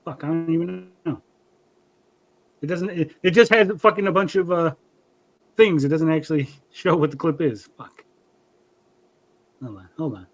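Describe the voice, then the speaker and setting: A man hosting a casual livestream podcast, rambling through a story and cutting himself off mid-sentence. He swears freely, and his voice sits a little higher than most men's. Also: normal speed, pauses often, poor audio. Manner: rambling, profane, self-interrupting storyteller. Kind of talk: casual chat.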